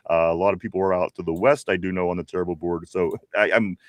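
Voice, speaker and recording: A man's voice: low-pitched, steady tone, fast, dry recording. A man with a Pittsburgh accent hosting a casual live stream, reading viewer comments aloud with frequent laughs. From Pittsburgh area. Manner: laid-back, laughs often, reads chat messages aloud. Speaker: podcast host.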